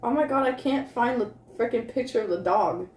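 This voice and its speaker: A woman's voice: a little high, a little fast, darkish tone. A woman co-hosting a casual chat show, talking in a chatty way and laughing often. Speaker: co-host. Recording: echoey room with faint hum.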